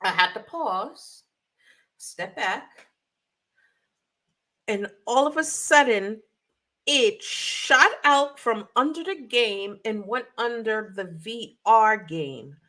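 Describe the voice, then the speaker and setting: A woman co-hosting a chatty podcast, her voice higher than most and bright, almost sharp. She talks slowly and tells stories with animated sound effects and quoted asides. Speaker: podcast co-host. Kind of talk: casual storytelling chat. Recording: live stream call audio.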